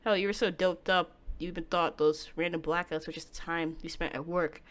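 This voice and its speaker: Woman putting on a hushed obsessive boyfriend. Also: steady tone, a little fast, close to an everyday voice. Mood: menacing. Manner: low, hushed, coaxing delivery. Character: soft-spoken obsessive young male boyfriend, menacing. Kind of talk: reading game dialogue aloud.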